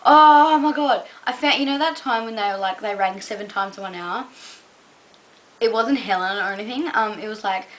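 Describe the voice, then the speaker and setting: A woman's voice: mid-range voice, fairly quick, a bit bright, low-quality recording. A young Australian woman vlogging casually to camera, rambling with lots of "um" and "like". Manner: rambling, full of "um" and "like".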